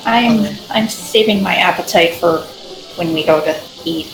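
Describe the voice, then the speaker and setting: A woman playing a tabletop game, chatting casually with excitable, playful reactions. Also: lowish voice, a little slow, faint music behind. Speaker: player. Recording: echoey room.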